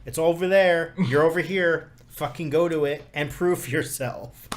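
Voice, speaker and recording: A man's voice: fairly high pitch, measured pace, a little hiss or hum. A young man co-hosting a live podcast in casual chat, ranting bluntly with sarcastic, profane asides. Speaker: podcast co-host.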